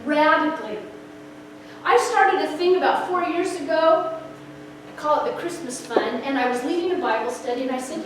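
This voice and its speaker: Woman, middle-aged, personal testimony, expressive storytelling, acts out the people in her story, distant mic, very echoey room. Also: high voice, normal speed. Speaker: speaker sharing a personal testimony. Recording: echoey room, far from the mic, background noise.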